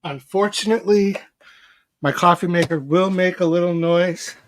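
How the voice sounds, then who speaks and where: A man's voice: high voice, moderate pace, slight background noise. A man hosting a live watch party from home, giving casual, rambling commentary full of swearing. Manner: profane, rambling, chatty asides. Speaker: live stream host.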